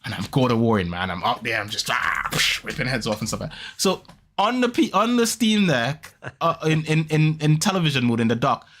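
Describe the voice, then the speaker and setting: A man hosting a podcast, telling a story in casual chat, rambling and animated, with quick restarts and repeats. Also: mid-range voice. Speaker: podcast host.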